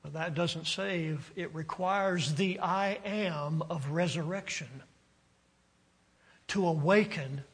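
A man delivers a sermon at an unhurried, measured pace. His voice sits fairly high, climbing on the points he stresses and sinking quiet at the end of phrases. He often stalls with uh's and restarts as he works through the thought. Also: husky. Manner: slow, deliberate preaching with rising emphasis and trailing drops; halting restarts with frequent uh's. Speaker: preacher.

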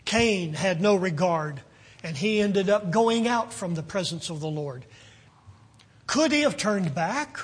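A man preaching a sermon, reading scripture aloud slowly and deliberately and rising loudly on key phrases. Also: sits high, lively intonation, husky.

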